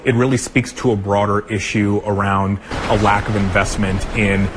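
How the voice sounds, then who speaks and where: A man explaining a policy view in an interview, steady and measured. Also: on the low side. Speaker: policy advocate. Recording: outdoor interview with traffic noise.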